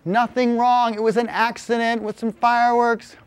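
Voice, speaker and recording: A man's voice: very high voice, little pitch movement, moderate pace, clean tone. A man voicing a flustered father who keeps trying to reassure everyone. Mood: reassuring.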